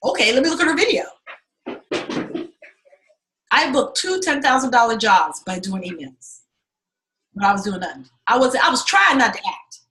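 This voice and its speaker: A middle-aged woman coaching a class, talking candidly and with lots of swearing as she tells lively stories and pitches her course. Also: normal speed, long pauses, rough recording. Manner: candid and profane, animated storytelling. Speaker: acting and fundraising coach. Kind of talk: casual teaching pitch.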